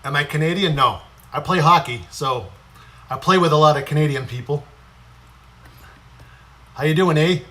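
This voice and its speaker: A man's voice: on the high side, fairly quick, sharp tone. A man hosting a casual cooking live stream, chatting with viewers and greeting them by name, sometimes moving away from the mic as he cooks. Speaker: livestream cooking host.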